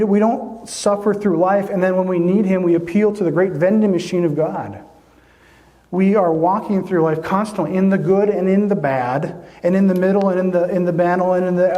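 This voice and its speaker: A man with a fairly high voice preaches a sermon. He speaks earnestly and often repeats a word as he finds his way forward. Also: a little mellow. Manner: earnest, repeats words when searching for them. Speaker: pastor.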